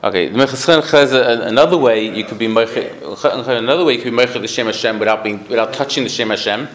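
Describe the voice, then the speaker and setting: A man, speaking, teaches a Torah class to a study group, talking haltingly with many restarts and Yiddish-Hebrew terms. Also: medium pitch, fairly bright tone, rough recording. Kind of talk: Talmudic lecture to a study group.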